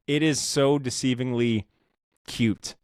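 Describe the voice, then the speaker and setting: A man co-hosting a comics podcast, talking in a rambling, animated way with lots of fillers and casual swearing. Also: medium pitch, takes it slowly, clean tone, no room sound, studio quality. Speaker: podcast co-host. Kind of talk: casual chat about comics.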